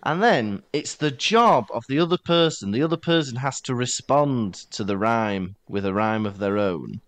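A Welsh man in casual podcast chat, his pitch rising and falling freely as he jokes and tells stories. The sound is close and dry, with no room around it. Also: moderate pace, no echo. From Wales. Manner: joking, animated storytelling. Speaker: podcast co-host.

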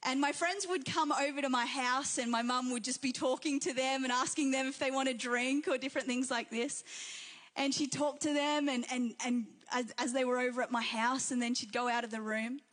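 A woman delivers a church sermon in a high, bright register. She preaches with fervour, stacking repeated phrases into a rising, rhythmic cadence. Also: fairly even intonation, fairly quick. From Australia and New Zealand. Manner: fervent, repetitive preaching cadence.

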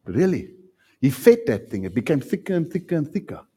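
A South African man preaching a sermon with passion, swinging from loud outbursts to hushed lines. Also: on the high side, sing-song, brisk, husky. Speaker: pastor.

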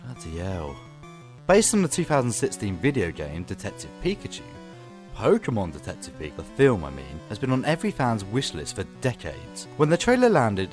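Playful man, low lively voice. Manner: playful, laughs often, sweeps up and down in pitch. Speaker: podcast host and film reviewer. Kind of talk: casual chat and scripted film review.

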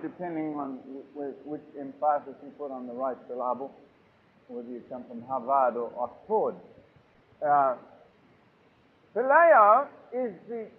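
A man preaching a sermon, emphatic and swinging between loud and soft. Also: on the high side, breathy edge. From New Zealand. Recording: tinny lo-fi phone-like recording.

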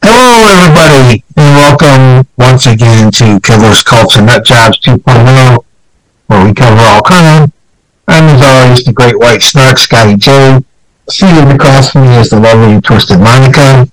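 A man hosting a podcast in casual chat, halting with fillers while fighting the flu. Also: medium pitch, no echo, poor audio. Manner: halting, many fillers and restarts. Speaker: podcast host.

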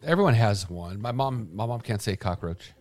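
A man's voice: fairly low pitch, animated, normal speed, a little mellow, no echo. A man co-hosting a casual morning show, laid-back, drifting into mock quotes as he talks. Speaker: co-host.

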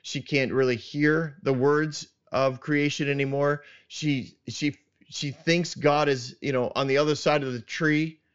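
A man hosting a casual Bible discussion podcast, earnest and halting, with many restarts and soft chuckles. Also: a little high, steady tone, clean tone, dull audio. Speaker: podcast host.

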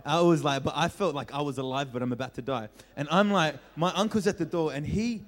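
A young man preaching as a pastor, telling a childhood story with lively acted-out voices and frequent laughter. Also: fairly high pitch, a little fast. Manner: animated storyteller, acts out voices, laughs often. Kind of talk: storytelling sermon. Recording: reverberant hall.

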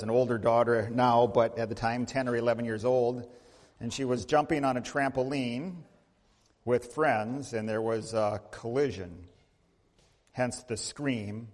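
A male pastor preaching a sermon, telling a story with big swings in pitch and loudness and asking the congregation questions. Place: church sanctuary. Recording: long church reverb.

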